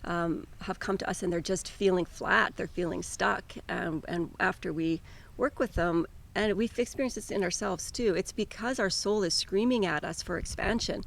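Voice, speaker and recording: A woman co-hosting a coaching podcast, talking in an earnest, encouraging way. Her voice is gravelly with a lot of vocal fry. She sits at a middle pitch and keeps to a casual, conversational tone. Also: normal speed. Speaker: life coach and co-host.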